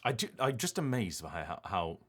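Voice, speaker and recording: A man streaming a game and chatting casually, thinking aloud in an animated, rambling way. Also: fairly low pitch, moderate pace, husky, soft background music. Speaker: streamer and voice actor. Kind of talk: casual gaming stream chat.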